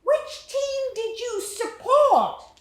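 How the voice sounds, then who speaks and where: A woman voicing a small, polite British boy with a sweet, gentle voice in a solo stage monologue. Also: very high voice, expressive, very slow, voice pushed up, heavily acted. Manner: polite, careful little answers. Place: small studio theater stage. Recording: echoey theater room.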